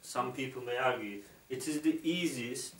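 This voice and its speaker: A male Islamic instructor explaining to an interviewer, halting with many fillers and often checking understanding with "okay?". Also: medium pitch, fairly bright tone. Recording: roomy, distant mic.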